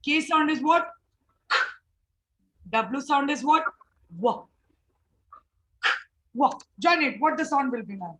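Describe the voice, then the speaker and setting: A woman, teaching a phonics workshop, explaining slowly and repeating sounds. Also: high-pitched, animated, a bit bright, rough recording. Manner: slow, repetitive explaining with drawn-out sounds. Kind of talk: online phonics class for teachers.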